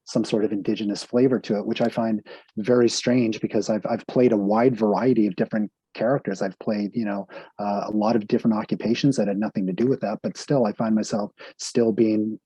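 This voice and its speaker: A man's voice: lowish voice, fairly even intonation, a little fast, warm tone, slightly rough, no room sound. A male actor speaking on a panel, telling his experiences casually and with many fillers. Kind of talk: panel discussion.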